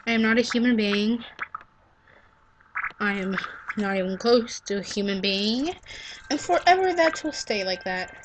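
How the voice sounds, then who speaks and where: A woman's voice: medium pitch, measured pace, pauses often, background noise. A young girl rambling through casual, self-mocking gameplay commentary, easily sidetracked. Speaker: game vlogger. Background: loud game music.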